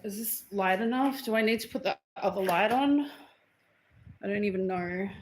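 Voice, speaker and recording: A woman's voice: medium pitch, moderate pace, darkish tone, reverberant, slight background noise, poor audio. An Australian woman from Queensland chatting bluntly on a home livestream, answering viewer comments. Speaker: livestream host. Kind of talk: casual livestream chat. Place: home, indoors.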